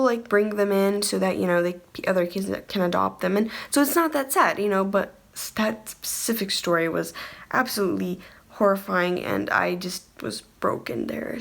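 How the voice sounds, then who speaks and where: A woman's voice: medium pitch, fairly quick, a bit bright. A young woman telling a rambling storytime to the camera, full of "like" fillers and restarts. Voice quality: creaky. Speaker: vlogger. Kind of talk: casual storytime chat.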